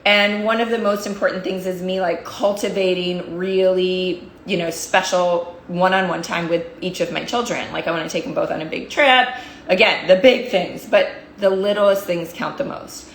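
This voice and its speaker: A woman coach speaks to her followers in a lowish, steady voice at normal speed, fired-up and repeating phrases for emphasis. The recording has a roomy echo and a little hiss or hum.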